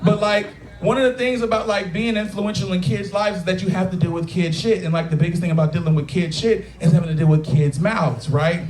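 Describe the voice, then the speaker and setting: A man in his late twenties doing a profane, animated stand-up set, acting out quotes, on a taproom stage. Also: high-pitched, fairly quick, few pauses. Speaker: stand-up comedian. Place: taproom stage with a live audience. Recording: echoey bar room with loud crowd laughter.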